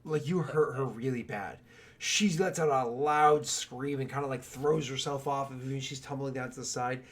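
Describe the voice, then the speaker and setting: Animated man running a tabletop game. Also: mid-range voice, moderate pace. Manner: animated storytelling, loose filler words. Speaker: game master.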